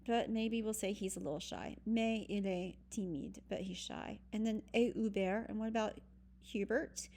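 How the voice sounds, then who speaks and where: A woman's voice: medium pitch, steady tone, moderate pace, vocal fry, dark tone. A woman teaching a recorded online French lesson, patient and explaining step by step with frequent ums. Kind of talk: recorded virtual lesson walkthrough.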